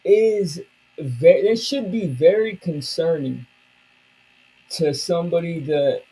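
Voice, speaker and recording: A male streamer who drawls slowly through loose, slangy chat with his viewers. His voice is gravelly and husky, with a dark, mellow tone that sits somewhat high. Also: low-quality recording. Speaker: live streamer. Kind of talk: casual chat.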